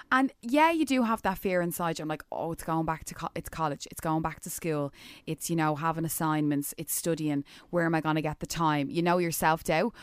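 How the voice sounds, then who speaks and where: A young woman in casual chat, chatty and quick to voice her own inner thoughts aloud. Her voice sits very low. The recording is close and dry. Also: smooth, no echo. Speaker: co-host.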